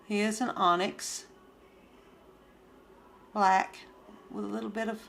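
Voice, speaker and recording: Slow, gushing woman unboxing gemstones. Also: medium pitch, little pitch movement, creaky, a bit bright, slight background noise. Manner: chatty, gushing, talks to viewers. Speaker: gemstone and craft seller. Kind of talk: casual unboxing vlog.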